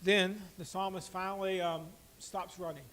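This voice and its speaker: A man preaching a sermon as pastor, swinging between loud emphatic lines and quiet asides, asking the congregation direct questions. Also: high-pitched, little pitch movement, moderate pace, slight background noise, rough recording.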